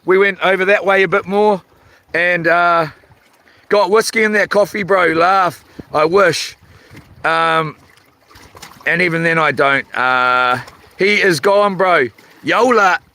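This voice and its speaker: A New man streaming from a fishing rock, chatting in a halting, rambling way as he reads viewer comments, his voice a little rough and tired. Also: high-pitched, bright, forceful tone. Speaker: livestream host. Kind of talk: casual livestream chat. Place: outdoors on a rock by the water at night. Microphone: phone.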